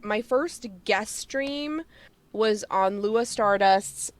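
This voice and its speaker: A woman talking as a podcast guest, chatty and full of fillers, with quick laughs. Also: medium pitch. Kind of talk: casual interview chat.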